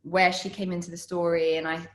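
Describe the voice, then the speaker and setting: An actress in her thirties answers student questions in a loose, chatty way, full of fillers and quick laughs. Her voice sits a little low for a woman. The room around her rings with echo. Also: little pitch movement. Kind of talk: casual Q&A over video call. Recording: roomy echo on a call.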